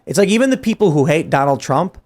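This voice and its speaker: Man, podcast host, political talk show, slightly high voice, exasperated, animated ranting. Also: fast talker.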